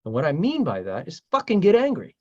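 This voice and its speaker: A man's voice: wildly swooping pitch, fairly quick, lo-fi sound. A man hosting a casual group talk as a spiritual teacher, emphatic and blunt, swearing freely. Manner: emphatic and profane, swings loud and high when stirred.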